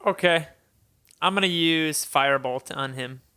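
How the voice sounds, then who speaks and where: A man's voice: fairly high pitch, unhurried, sharp tone, clean tone. A man playing a tabletop game with friends, playful and laughing often. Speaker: player. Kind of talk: casual tabletop game chat.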